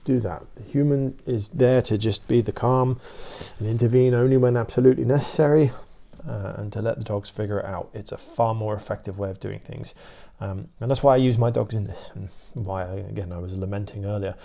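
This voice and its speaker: Gravelly deep-toned British man. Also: fairly quick. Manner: steady, opinionated, many fillers and restarts. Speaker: dog trainer. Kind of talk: casual explanatory talk.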